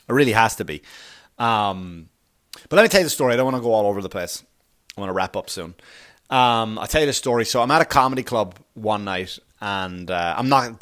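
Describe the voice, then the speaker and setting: A man's voice: on the low side, fairly bright tone. A male comedian hosting a podcast, telling a rambling, profane story in a comedic monologue.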